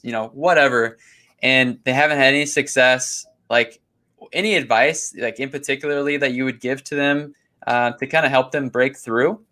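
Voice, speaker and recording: A man's voice: mid-range voice, a bit bright. A man hosting a casual interview and chatting eagerly, often repeating his words. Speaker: podcast host.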